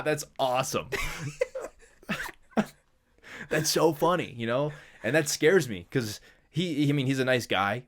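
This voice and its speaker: A man co-hosting a podcast in casual chat, telling stories loosely and laughing often. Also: mid-range voice. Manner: laid-back storyteller, laughs often, loose filler-heavy phrasing. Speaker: podcast co-host.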